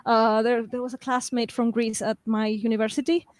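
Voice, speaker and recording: A woman author chatting over a video call, chatty and self-mocking, and quick to laugh. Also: fairly high pitch, little pitch movement, a little mellow, no echo. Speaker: author at a karaoke meetup. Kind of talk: casual group video chat.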